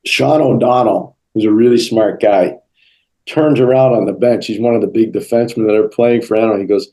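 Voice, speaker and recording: A middle-aged man in an interview, telling lively stories and acting out the quotes. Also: fairly low pitch, fairly quick, low-quality recording. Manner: animated storyteller, acts out quotes. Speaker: interview guest, hockey broadcaster. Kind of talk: storytelling interview answers.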